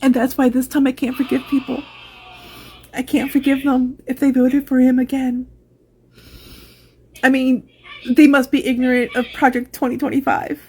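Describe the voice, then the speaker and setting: A woman's voice: high voice, level tone, normal speed, pauses often, a little mellow, slight background noise. A woman speaking earnestly and emphatically about feeling hurt, in a personal vlog.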